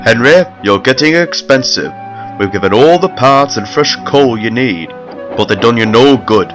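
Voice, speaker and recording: A man's voice: medium pitch, animated, moderate pace, soft background music, natural voice. A man voicing a stern, worried male railway director in a fan-made storybook reading, firm and apologetic.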